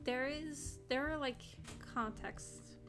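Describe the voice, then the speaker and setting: A woman's voice: high voice, music in the background. A woman guest chatting casually about a series, speaking hesitantly with fillers. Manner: slow, hesitant, laughs easily. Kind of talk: casual video discussion.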